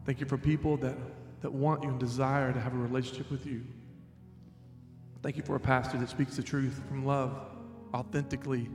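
Guy praying in church, monotone, roomy hall, worship music under it. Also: mid-range voice, a little fast. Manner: steady, even prayer. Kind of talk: spoken prayer. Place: church sanctuary.

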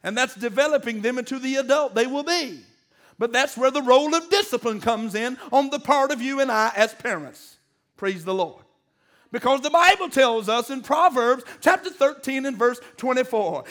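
High-voiced preaching man. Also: expressive, normal speed, fairly bright tone. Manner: call-and-response preaching, rising to emphatic peaks. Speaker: pastor. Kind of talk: sermon.

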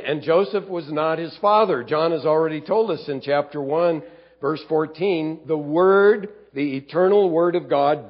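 A man's voice: mid-range voice, highs cut off. A male pastor teaching a sermon, reading scripture aloud and explaining it verse by verse. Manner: teaching, reads scripture aloud and acts out grumbling voices. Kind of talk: expository sermon.

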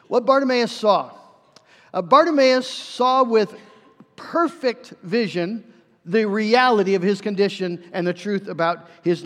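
Male pastor, high-pitched sermon voice, earnest storyteller, reverberant church hall. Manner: earnest storytelling with acted-out quotes.

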